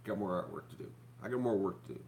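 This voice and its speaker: A man's voice: deep voice, lively intonation, fast talker, vocal fry, darkish tone, slight background noise. A man, hosting a casual vlog, rambling to his viewers with lots of fillers and restarts. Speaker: YouTube channel host.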